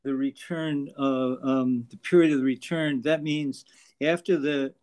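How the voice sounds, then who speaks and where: A man in an online class joining in with halting comments and questions. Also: mid-range voice, steady tone, a little mellow. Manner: halting, adds points. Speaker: class participant. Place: online video call.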